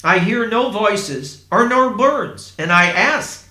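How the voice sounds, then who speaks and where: A man from Indiana telling a first-person story in a plain, unhurried way, with asides to his listeners. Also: high-pitched, expressive, sharp tone. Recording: roomy echo.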